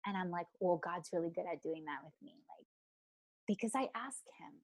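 A woman's voice: on the low side, moderate pace, no echo. A woman in casual podcast chat, telling stories in a chatty way and saying "like" constantly. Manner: chatty storytelling, heavy use of "like".

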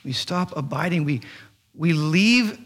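Halting, animated pastor preaching. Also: male voice, a little high. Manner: animated storytelling, halting restarts. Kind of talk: sermon.

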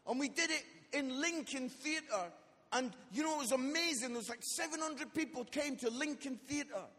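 A man with a very high voice, speaking at normal speed, preaches as a guest speaker at a live church service. Lively and comic, he tells funny stories and asks the congregation questions, recorded in a church hall with long reverb.

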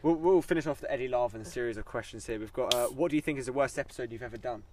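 A man hosts a podcast and fires off teasing questions at a brisk pace. He sits well away from the mic. Noticeable noise runs behind his voice. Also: mid-range voice, far from the mic. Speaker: podcast host. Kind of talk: casual podcast banter.

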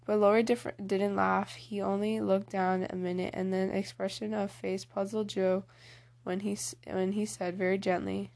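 Female audiobook narrator, unhurried classic-novel reading, flat delivery with a little vocal fry. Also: medium pitch. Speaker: audiobook reader.

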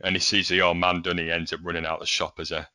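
Low-voiced man, sharp bright tone. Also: very fast. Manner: animated, laughs while retelling scenes. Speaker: podcast co-host. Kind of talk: casual chat.

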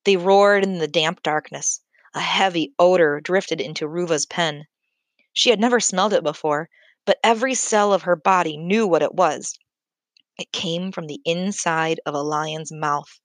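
A woman narrating a children's book in a measured, clear storytelling manner. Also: fairly low pitch, dry recording. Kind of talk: scripted audiobook narration.

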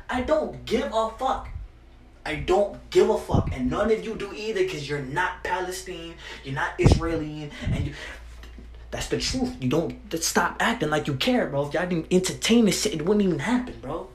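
A man's voice: on the high side, lively intonation, normal speed. A young man giving a heated, profane monologue, full of repeated "bro" and restarts. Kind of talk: ranting monologue to camera. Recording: roomy echo with faint ambience.

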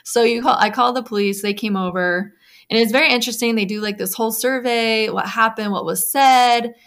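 A woman's voice: fairly high pitch, a little fast, a bit bright. A woman telling her own story in an interview, speaking candidly with frequent fillers and restarts. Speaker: guest recounting a personal story.

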